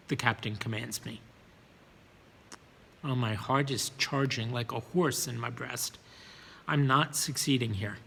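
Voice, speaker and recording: A man's voice: medium pitch, measured pace, gravelly, pauses often, a bit bright, slightly rough, big-room sound. A man narrating a first-person story, sometimes repeating words as he reads.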